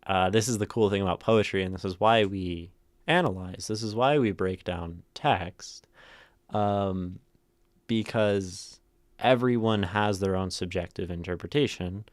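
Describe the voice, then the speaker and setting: A livestream host with a very deep voice muses over poetry, thinking aloud at an unhurried pace. He fills the air with ums and rereads lines with changing inflection. The sound is close and dry, with no echo or room around it.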